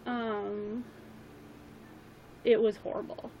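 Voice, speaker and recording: A woman's voice: mid-range voice, level tone, extremely slow, highs cut off, a little hiss or hum. A young woman chatting casually on a livestream, rambling with lots of ums and likes, her voice a little worn. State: slightly losing her voice.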